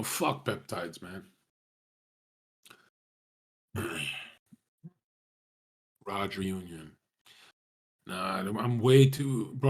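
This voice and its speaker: A young man talking casually to his viewers, rambling in slang, swearing often and calling everyone bro. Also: on the low side. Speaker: streamer talking to chat.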